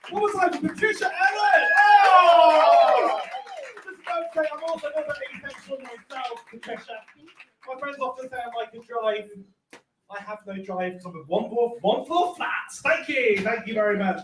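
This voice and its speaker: A man's voice: very high-pitched, normal speed. A man compering a live comedy night in a camp, jokey way. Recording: echoey club, distant mic, faint noise.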